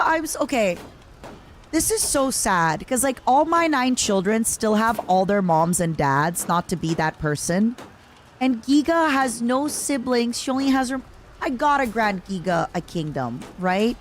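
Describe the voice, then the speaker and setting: A woman's voice: a little high, animated, a little slow, a little hiss or hum. A young adult woman streaming a strategy game, chatting casually and reacting dramatically to events and her chat. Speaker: VTuber streamer. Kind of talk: casual gameplay commentary.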